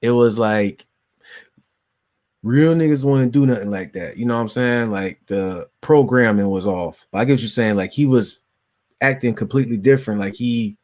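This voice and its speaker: A young man hosting a casual podcast conversation, laid-back and quick to agree and chime in. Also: lowish voice, darkish tone. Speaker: podcast host.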